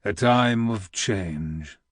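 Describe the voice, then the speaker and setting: Guy doing a heavy old vizier, deep rumbly growl, slow and grave, dry close audiobook sound. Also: dry recording. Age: older. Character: old heavy weary Ottoman grand vizier. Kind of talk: audiobook reading.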